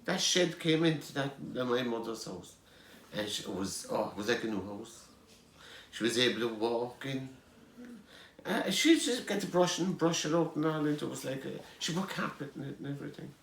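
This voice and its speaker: A man's voice: mid-range voice, expressive, normal speed, vocal fry, echoey room. A middle-aged Irish man telling rambling family anecdotes as an interviewee, chuckling as he goes. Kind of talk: storytelling.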